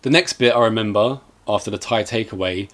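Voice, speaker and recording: A man's voice: on the low side, a little fast, a bit bright. A man co-hosting a casual film review podcast, making sardonic, dry jokes about the film.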